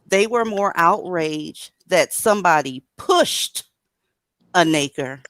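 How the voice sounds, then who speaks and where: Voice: medium pitch, expressive, takes it slowly, a bit bright, dry recording. A blunt livestream host runs a casual call-in chat and drops sarcastic remarks between callers. The sound is dry and close, with a mid-range voice.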